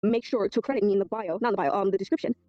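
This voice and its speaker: Rapid rambling storyteller, muffled clip. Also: mid-range voice, no room sound. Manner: rambling, quoting messages aloud. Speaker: video creator telling a story. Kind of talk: casual storytelling recap.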